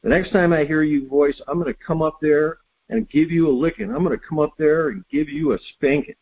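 A man playing an exasperated father at the end of his patience, barking orders up the stairs. The voice is raised and stern, with a slightly husky, dull tone. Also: fairly high pitch, lively intonation, a little fast, voice pushed up, exaggerated voice. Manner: stern, scolding.

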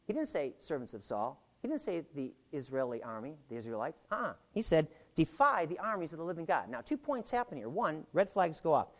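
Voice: medium pitch, big pitch swings, a little fast, hardly any pauses, fairly bright tone. A Bible teacher reading scripture aloud and explaining it, with joking asides and puns, who repeats key points for emphasis.

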